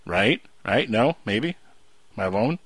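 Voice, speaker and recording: A man's voice: expressive, a little slow, fairly bright tone, slightly rough, no room sound. A man hosting a casual movie talk show, enthusiastic and fond of reciting film quotes. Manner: enthusiastic, acts out film quotes with rising pitch. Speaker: podcast host.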